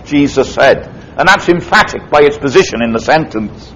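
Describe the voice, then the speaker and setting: Against a noisy background, a man delivers an expository sermon at a moderate pace, animatedly dramatizing a parable with strong emphasis and broad pitch sweeps.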